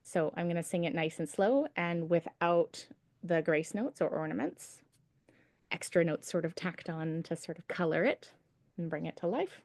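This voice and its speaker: A woman's voice: on the low side, expressive, moderate pace, a little mellow, dry recording. A woman teaching a traditional singing class over a video call, patient and encouraging as she explains pronunciation. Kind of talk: online singing lesson. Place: home setup on a video call.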